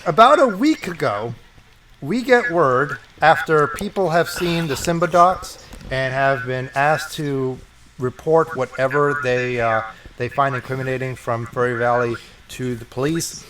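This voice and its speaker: A man's voice: mid-range voice, measured pace, noisy background. A man co-hosting a casual podcast, recapping news and laughing easily. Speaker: podcast co-host.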